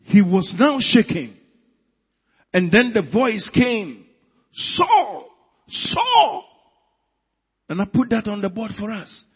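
A man preaching a sermon, telling the story dramatically with sudden loud emphatic peaks. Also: high voice, normal speed, breathy edge. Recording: dull sound in a reverberant hall.

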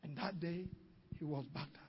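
A male pastor telling a testimony in an animated sermon, recorded dull and distant-sounding in a hall with long echo. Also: fairly high pitch, normal speed, slight background noise. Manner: storytelling, animated, exclaiming.

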